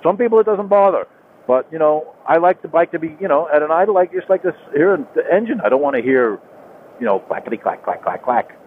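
A man, talking casually into a helmet mic while riding his motorcycle on a rural highway, rambling with lots of fillers and restarts. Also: expressive, quick pace. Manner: rambling, repeats himself, many fillers and restarts. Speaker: motorcycle vlogger. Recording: tinny phone-like helmet mic with road noise.

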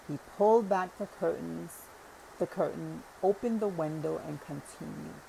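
A woman narrating an audiobook parable in a deliberate reading voice, now and then correcting a word. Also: low voice, gravelly, mellow, a little hiss or hum, low-quality recording. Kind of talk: scripted narration.

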